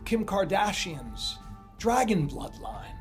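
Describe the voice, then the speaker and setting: This prophecy video host speaks slowly in a high-pitched, sing-song voice while faint music plays behind him. His casual monologue about signs of the end times wanders, packed with fillers and side remarks.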